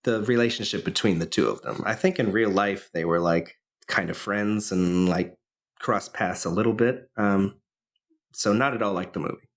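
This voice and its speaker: A man's voice: lowish voice, moderate pace. Rambling man co-hosting a podcast. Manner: rambling, many fillers and restarts. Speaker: podcast co-host. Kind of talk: casual chat, retelling a film plot.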